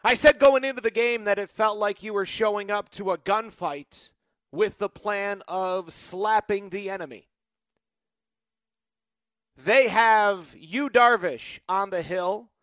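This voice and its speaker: A high-voiced man hosts a postgame sports radio show, excitable and animated as he breaks down the win. He talks in an unhurried, drawn-out way despite the excitement. The studio sound is close and dry. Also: no room sound. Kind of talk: postgame call-in show talk.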